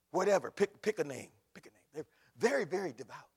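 A man preaching a sermon as pastor, swinging from soft asides to loud shouting, mocking quoted voices along the way. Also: fairly high pitch, very animated, fast talker, gravelly, hardly any pauses, husky. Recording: echoey hall recording.

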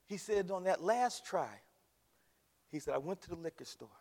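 A man preaching a sermon, swinging from hushed storytelling to shouted climaxes. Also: high voice, animated, normal speed, creaky. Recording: long reverb of a large hall.

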